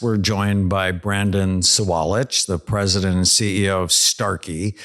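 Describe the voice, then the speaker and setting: A man who is a psychiatrist hosting a podcast interview, talking in an earnest, reflective, measured way. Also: lowish voice, a bit bright.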